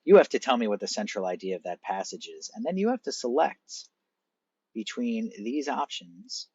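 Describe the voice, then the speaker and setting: A male teacher with a low, husky voice walks students through coursework in a relaxed, explanatory way. His pitch rises and falls a lot as he talks. The recording is dull, lo-fi and dry. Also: moderate pace, no room sound. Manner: conversational, explanatory, addresses students directly. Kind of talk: screen-recorded assignment walkthrough.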